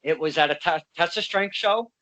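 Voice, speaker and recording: A man hosting a casual wrestling interview over a video call, excitable and stammering, often repeating his words as he talks. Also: high voice, normal speed. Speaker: interviewer, podcast host.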